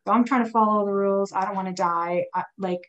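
A woman guest telling a personal story in casual talk, animated, with frequent restarts and fillers. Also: medium pitch, fast talker, dull audio. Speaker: guest sharing a personal testimony.

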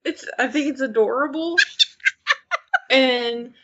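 A woman co-hosting a podcast in casual chat, a relaxed, teasing storyteller. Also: mid-range voice, normal speed, vocal fry, muffled recording, slight background noise. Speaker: podcast co-host.

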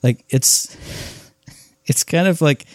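A man's voice: a little high, slow pace, no room sound. A man co-hosting a casual podcast, telling stories in an enthusiastic, rambling way. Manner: enthusiastic, rambling, animated storytelling. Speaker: podcast co-host. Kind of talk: casual chat.

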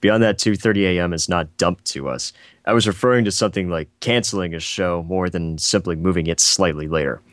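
A man on a casual podcast, calmly answering fan questions in a matter-of-fact way. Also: sits low, fairly quick, dry recording, studio quality. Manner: calm, matter-of-fact explainer.

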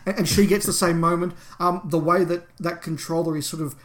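A man's voice: fairly high pitch, steady tone, fairly quick, a bit bright. Enthusiastic male podcast co-host. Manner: enthusiastic, detailed, knowledgeable. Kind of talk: casual fan discussion.

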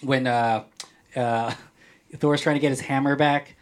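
A man hosting a relaxed podcast in a playful, jokey manner. He reads listener messages aloud and riffs on them. His voice sits at an ordinary middle pitch. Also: a little slow. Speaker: podcast host. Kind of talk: casual podcast chat.

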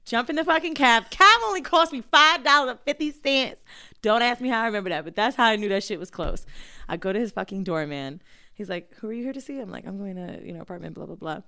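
A woman's voice: medium pitch, quick pace, gravelly. A young woman co-hosting a casual chat, telling explicit stories with lots of swearing and acted-out quotes. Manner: profane, animated storyteller acting out quotes. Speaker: podcast co-host.

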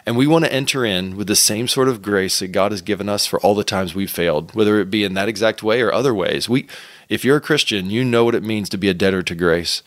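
Soft-spoken low male pastor, earnest. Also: a little fast, dry recording. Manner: earnest, gentle, with frequent restarts and repeated words. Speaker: pastor and author, guest. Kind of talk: conversational interview answers.

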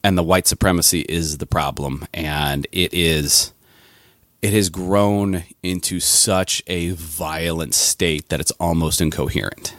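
Deep-voiced man in impassioned commentary. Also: fairly even intonation, measured pace, a bit bright, dry recording. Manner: impassioned, with frequent restarts and fillers. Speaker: podcast co-host. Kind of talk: political commentary podcast.

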